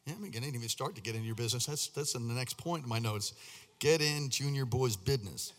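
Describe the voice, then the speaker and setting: A man preaching a sermon in an animated, humorous way, building to fervent passages. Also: mid-range voice, fast. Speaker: pastor.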